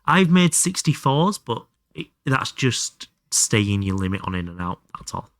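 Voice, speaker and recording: A man's voice: mid-range voice, big pitch swings, measured pace, dry recording. A young man chatting casually and thinking aloud while streaming a game, swearing freely. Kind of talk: casual live gameplay commentary.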